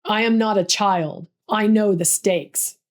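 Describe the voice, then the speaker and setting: A woman playing a proud male civil rights organizer in a history storytelling piece, lowering her pitch a little. He speaks with a mid-Atlantic accent, each word measured and cutting. His dignity carries a bitter edge. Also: lightly acted. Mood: defiant.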